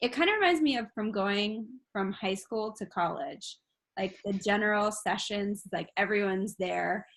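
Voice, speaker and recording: A young woman hosting a casual group chat, telling stories in a bubbly, animated way. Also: mid-range voice, unhurried. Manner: bubbly, animated storytelling with laughs.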